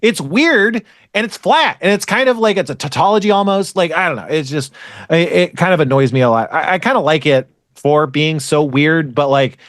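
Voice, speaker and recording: A man's voice: a little high, expressive, normal speed, fairly bright tone, no room sound. Rambling podcast guy, dry close sound. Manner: rambling, restarts often, swears casually. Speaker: podcast host. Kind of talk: casual chat about an anime.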